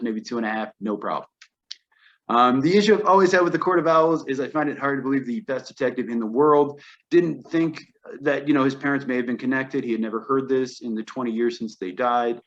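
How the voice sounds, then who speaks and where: A man's voice: mid-range voice, a bit bright, muffled recording. A man co-hosting a podcast, giving an opinionated, wryly complaining casual film review. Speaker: podcast co-host.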